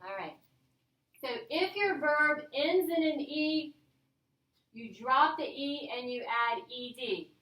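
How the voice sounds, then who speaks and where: Bright-voiced woman teaching in an echoey room. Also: high voice, animated, takes it slowly, distant mic. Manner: upbeat, coaxing, checks in with "all right?". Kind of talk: classroom grammar lesson.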